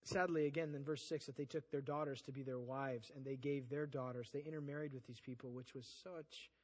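A man preaching a sermon, animated, swinging from loud emphasis to quiet passages and acting out quoted voices. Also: a little high, in a large hall. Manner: acts out quoted voices and asides. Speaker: pastor.

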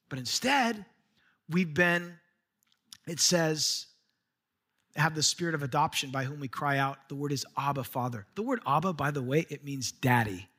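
A middle-aged male pastor delivers a sermon in a high, bright voice. He is earnest and urging, drawing out scripture slowly and lifting his pitch as he presses a point home. The delivery sounds like a live church message. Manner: earnest preaching, slows for scripture, rises in pitch when urging.

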